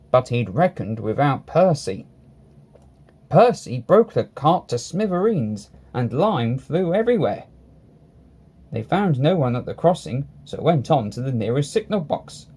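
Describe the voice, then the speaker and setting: Lively, expressive male storyteller. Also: mid-range voice, a little slow, slightly rough. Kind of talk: storybook reading.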